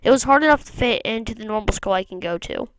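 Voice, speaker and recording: A woman's voice: fairly high pitch, lively intonation, fast talker, a little hiss or hum, rough recording. A woman reading a visual novel aloud, mostly plain narration with the odd wry aside. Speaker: gamer.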